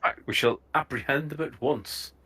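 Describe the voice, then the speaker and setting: A man's voice: mid-range voice, moderate pace, bright, forceful tone, husky. A man playing an armored holy character at a tabletop game, speaking in a grand, solemn manner. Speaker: player. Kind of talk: tabletop role-play.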